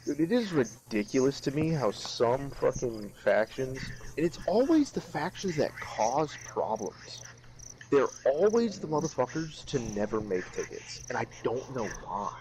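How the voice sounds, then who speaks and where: A man's voice: medium pitch, big pitch swings, a little slow, darkish tone, slight background noise, poor audio. A man in casual chat, ranting profanely about other players. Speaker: gamer.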